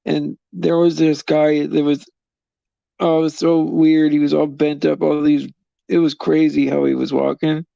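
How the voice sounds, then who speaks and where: Creaky-voiced man chatting on a stream. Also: fairly high pitch, flat delivery, measured pace, dark tone, no echo, dull audio. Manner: rambling, chuckling, loose and meandering. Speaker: livestream host. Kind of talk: casual chat with viewers on a live stream.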